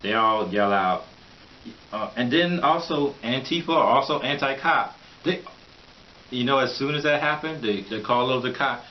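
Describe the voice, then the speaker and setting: A man's voice: mid-range voice, normal speed. Man ranting with mocking laughs, lo-fi hiss. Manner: rambling, mocking, laughs often. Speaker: vlogger. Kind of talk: opinionated monologue. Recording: dull lo-fi recording with faint hiss.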